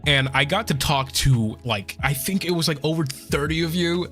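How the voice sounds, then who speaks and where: A man's voice: fairly high pitch, moderate pace, fairly bright tone, faint music behind. A young man streaming casual chat, tearful and swearing a lot as he thanks his viewers.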